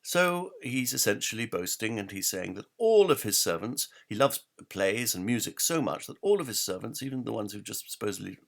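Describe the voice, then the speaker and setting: Deep voiced guy lecturing, lots of ums, gravelly low tone. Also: sing-song. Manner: halting, many ums, reads quotations aloud. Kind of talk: explanatory lecture on literary history.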